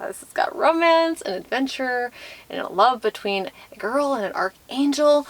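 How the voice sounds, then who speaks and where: A woman chatting casually as she unboxes books, full of excited fillers. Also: high voice, measured pace, low-quality recording. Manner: gushing, lots of fillers like "like". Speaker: book vlogger.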